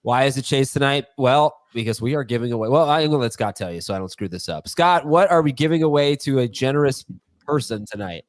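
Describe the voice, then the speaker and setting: A man's voice: mid-range voice, animated, quick pace, no echo. A man hosting a live sports Q&A show in a loose, chatty way, reading viewer questions. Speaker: host. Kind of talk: casual live Q&A chat.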